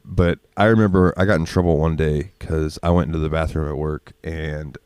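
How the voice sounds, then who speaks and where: A man's voice: a bass voice, fairly even intonation, a little fast, darkish tone, smooth, no echo. A man telling rambling, profane stories as a podcast co-host, laughing often. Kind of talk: casual storytelling chat.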